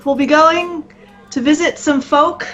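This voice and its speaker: A woman's voice: high voice, fairly even intonation, a little slow, a bit bright, muffled recording. A woman playing her character in a tabletop game, bold and joking. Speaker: player. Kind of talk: casual in-character play.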